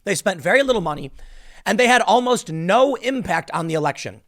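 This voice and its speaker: Man, thirties, ranting commentary host, exasperated and sarcastic, fairly high voice. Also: expressive, brisk, a bit bright. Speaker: political commentator. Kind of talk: solo commentary video.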